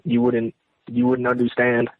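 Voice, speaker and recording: A man calling in, halting and stammering, close to tears as he talks about his troubles. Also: medium pitch, monotone, no echo. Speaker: caller. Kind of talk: emotional phone call. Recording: tinny phone line.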